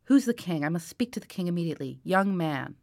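A woman's voice: on the low side, fast, gravelly, no room sound. A woman reading the lines of a proud, wounded young male aristocrat soldier in a haughty, commanding tone. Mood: indignant.

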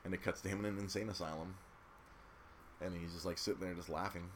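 A man's voice: sits low, fairly even intonation, fast, a little hiss or hum. A man in casual chat recapping a movie, swearing freely and acting out quotes in silly voices.

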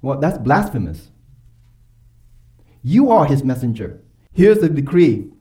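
A man preaching a sermon as pastor, emphatic and quick to pose rhetorical questions to his congregation. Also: fairly high pitch, very animated, mellow. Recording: voice from far off the mic.

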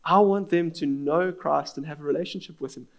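A man's voice: fairly high pitch, a little fast, gravelly. A man, preaching a sermon as pastor in an earnest, storytelling manner.

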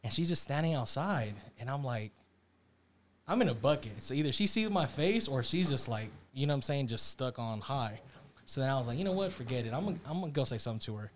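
A young man telling a story in casual chat, animated and slangy, acting out the quotes. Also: mid-range voice, fast, slight background noise. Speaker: storyteller on a podcast.

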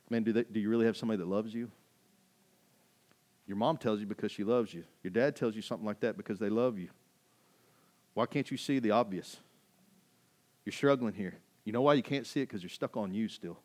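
A man's voice: lowish voice, a little mellow. A man preaching a sermon as a pastor, emphatic and conversational, full of rhetorical questions.

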